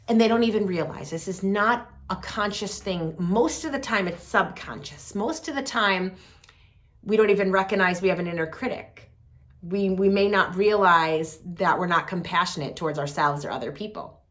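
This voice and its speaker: A woman hosting a reflective talk on compassion, speaking softly and deliberately with gentle pauses. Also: mid-range voice. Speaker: host.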